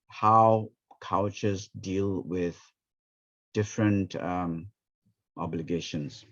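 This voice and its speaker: A man, teaching a ministry training session through lively stories and acted-out quotes. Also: deep voice, extremely slow. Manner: animated, acts out quoted speech. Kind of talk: storytelling teaching talk. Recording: dull, muffled recording.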